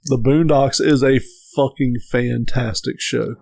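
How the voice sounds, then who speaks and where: A man co-hosting a casual podcast, swearing often and acting out cartoon scenes he loves with sudden high voices. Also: steady tone, measured pace, gravelly, a little mellow. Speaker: podcast co-host. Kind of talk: casual chat.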